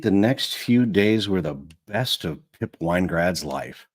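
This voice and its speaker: A man with a low voice reads an audiobook aloud, his pitch rising and falling widely. He restarts sentences when he stumbles. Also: animated, takes it slowly. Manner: rereads lines after stumbles. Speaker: audiobook narrator.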